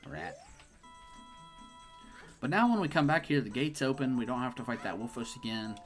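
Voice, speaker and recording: A playful young man chats through a video game, teasing characters and laughing as he goes. His pitch swings widely and expressively, with quiet game music underneath. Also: animated, moderate pace. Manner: joking, laughs often, playful outbursts. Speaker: gaming streamer. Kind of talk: casual let's-play commentary.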